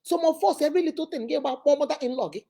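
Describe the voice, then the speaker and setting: A woman's voice: high voice, very fast, mellow, slight background noise. A woman with a Nigerian accent giving emphatic relationship advice to camera, acting out quoted people as she goes. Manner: emphatic, preachy, mimics people with voices.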